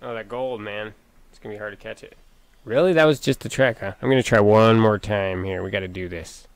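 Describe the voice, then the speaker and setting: A man giving casual, excitable commentary while playing a racing game, talking to himself and the game and sniffling from allergies. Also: on the low side, brisk, clear, resonant tone. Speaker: gameplay commentator. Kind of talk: casual let's play commentary. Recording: game music playing behind.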